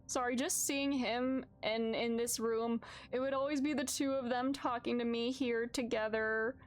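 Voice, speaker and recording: A woman with a high voice streams a story game, reading its text aloud in an even, narrating tone. She often breaks off to react, crying out in open distress at what happens on screen. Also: moderate pace, soft background music. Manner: expressive, shifts from calm reading to loud distressed outbursts.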